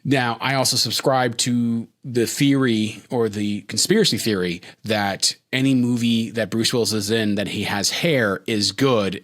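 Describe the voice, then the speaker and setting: Gushing man in casual film chat. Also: on the low side. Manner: animated, gushing, many fillers. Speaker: podcast co-host.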